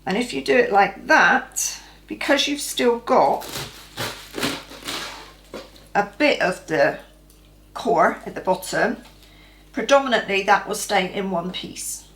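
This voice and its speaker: A woman's voice: medium pitch, animated, unhurried, roomy sound, background noise. A woman host giving chatty, practical step-by-step cooking instructions in her home kitchen. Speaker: cooking vlogger. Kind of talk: casual cooking demonstration.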